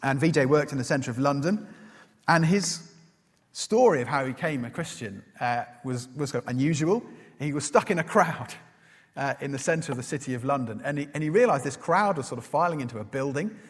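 Male preacher, earnest sermon delivery with frequent fillers; husky voice, long hall reverb. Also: mid-range voice, expressive, fairly quick. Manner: earnest, asks the listeners questions, many "uh" fillers.

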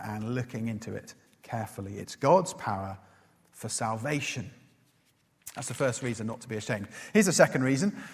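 Male preacher, earnest sermon delivery with frequent fillers; husky voice, long hall reverb. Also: medium pitch. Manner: earnest, asks the listeners questions, many "uh" fillers.

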